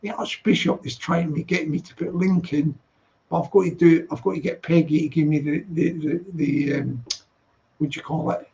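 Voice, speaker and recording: Chatty male streamer with a high, gravelly voice; teasing, laughs a lot; dull lo-fi sound. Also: steady tone, normal speed, warm tone. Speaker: live stream host reading chat. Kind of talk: casual late-night chat.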